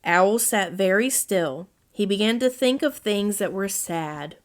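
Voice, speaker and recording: A woman reading a children's storybook aloud as narrator, in a gentle read-aloud manner. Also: mid-range voice, a little slow.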